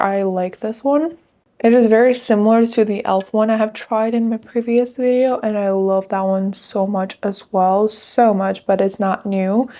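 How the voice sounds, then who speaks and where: A woman's voice: medium pitch, warm tone. A young woman chatting casually to viewers while reviewing makeup, enthusiastic and direct. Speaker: beauty vlogger.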